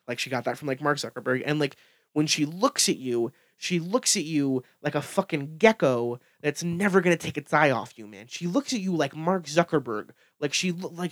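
A young man with a slightly high voice rants casually, his speech packed with fillers and swearing. The storytelling is profane and excitable, captured in a dry, studio-quality recording.

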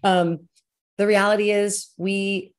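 A woman's voice: medium pitch, takes it slowly. A woman in her thirties, a podcast guest and self-care coach, chatting casually and acting out the people in her stories. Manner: animated storyteller acting out quoted voices. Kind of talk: casual conversational interview.

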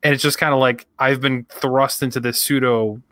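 A man's voice: mid-range voice, little pitch movement, normal speed, bright, forceful tone, no room sound, clean studio sound. A young man co-hosting a podcast, chatting casually and rambling through work stories while acting out his coworkers' lines. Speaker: podcast co-host. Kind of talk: casual chat.

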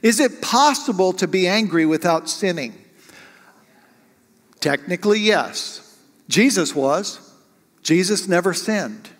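A man's voice: sits high, lively intonation, slow pace, pauses often. A man preaching as a pastor, talking conversationally and asking the congregation questions. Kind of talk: sermon. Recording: long hall reverb.

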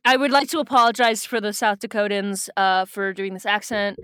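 A woman's voice: medium pitch, a little fast, fairly bright tone, clear, resonant tone, dry recording, clean studio sound. A woman co-hosting a podcast, chatting casually and giggly with lots of fillers. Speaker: podcast co-host. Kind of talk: casual chat recapping a book.

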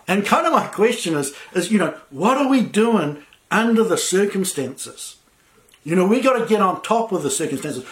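A man preaching a sermon as pastor, talking conversationally with many fillers and restarts. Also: sits high.

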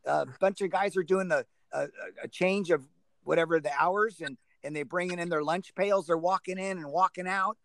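A man's voice: high-pitched, moderate pace, gravelly, a bit bright, dry recording. Rambling man telling old stories on a call. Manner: rambling, chuckling, restarts a lot. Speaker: guest, former speedway rider. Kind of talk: casual storytelling chat. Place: outdoors. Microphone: video call.

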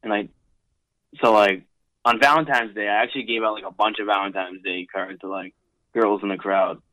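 A man's voice: lowish voice, fairly even intonation, moderate pace, sharp tone, dry recording, poor audio. A young man in his twenties, a wrestler guesting on a podcast, rambling casually with lots of fillers. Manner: loose, rambling, heavy on fillers.

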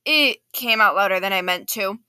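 Bright-voiced woman reading a novel. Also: mid-range voice, normal speed, no room sound. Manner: lively, expressive narration. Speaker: audiobook reader. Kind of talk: first-person novel reading.

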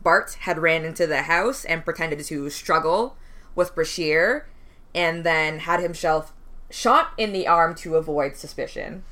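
A young woman on a chatty true crime podcast. Her voice sits low but rings bright, and she narrates in a loose, casual way. She fills her pauses with ums. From West Indian family, immigrant parents. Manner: relaxed storytelling with frequent ums, laughs between lines. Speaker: podcast co-host telling a true crime case.

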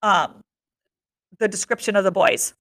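A woman teacher reading a novel aloud to her class in a steady, measured narration. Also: medium pitch.

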